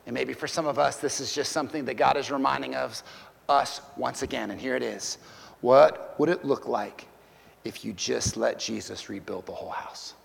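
Gravelly-voiced pastor preaching in a reverberant hall. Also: male voice, medium pitch. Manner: conversational, asks the congregation questions. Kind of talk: sermon.

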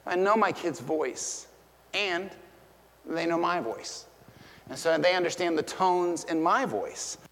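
High-voiced pastor preaching in a reverberant hall. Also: male voice, lively intonation, slow pace, fairly bright tone. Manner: conversational, storytelling with direct questions to listeners. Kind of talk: sermon.

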